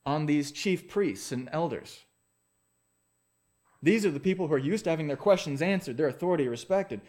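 A pastor with a fairly high voice preaches a sermon, reading scripture and praying before telling a story in a relaxed, conversational way.

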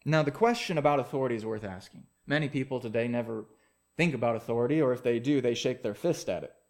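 A man preaching a sermon, reading scripture, praying, then telling a story in a relaxed, conversational way. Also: mid-range voice, quick pace. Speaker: pastor.

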